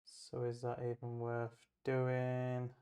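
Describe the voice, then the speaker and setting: A man's voice: mid-range voice, monotone, slow pace, dark tone. A man playing a tabletop wargame, thinking aloud as he moves models, measures ranges and rolls dice in casual play commentary.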